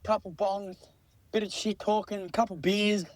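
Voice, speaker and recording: A man's voice: sits high, little pitch movement, a little slow, no room sound. A man leaving a voice message for a podcast, boozy and swearing, upbeat about a night out.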